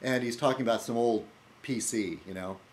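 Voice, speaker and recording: A man's voice: medium pitch, normal speed, darkish tone. A man talking casually in his weekly video blog, rambling and wry, with frequent fillers and restarts. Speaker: video blogger.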